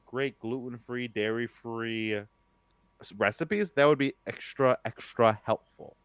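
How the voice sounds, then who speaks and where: A man's voice: medium pitch, slow pace, smooth, no room sound. A man co-hosting a casual podcast, upbeat and teasing as he does the show's plugs and banter. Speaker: podcast co-host.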